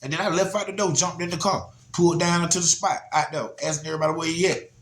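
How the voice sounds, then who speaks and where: A man with a drawl tells a story in an easy, lively way, checking in with his listener as he goes. His voice sits a bit high for a man. The room around him rings with a noticeable echo. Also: fast talker. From Georgia, US. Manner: animated, repeats "you know what I'm saying". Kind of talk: casual spoken storytelling. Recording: roomy echo.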